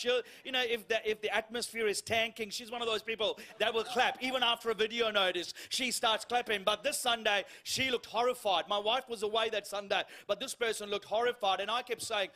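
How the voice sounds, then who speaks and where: Guest preacher, middle-aged man: high, bright voice, self-deprecating storytelling sermon.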